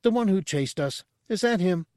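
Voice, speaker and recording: A man voicing a nervous young woman who speaks with hushed urgency. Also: high-pitched, animated, moderate pace, dry recording, studio quality, pitched above the performer's own voice. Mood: anxious.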